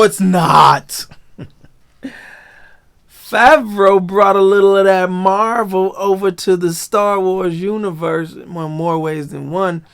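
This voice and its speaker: Slow, gravelly man recapping a show. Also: high voice. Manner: animated, slangy, laughs often. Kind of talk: casual episode breakdown.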